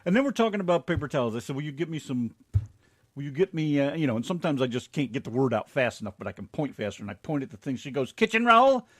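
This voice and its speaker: An American man co-hosting a casual online radio show, joking and teasing with loud laughs. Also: mid-range voice, animated, rapid-fire, no echo. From United States. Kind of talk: casual banter with co-host and chat.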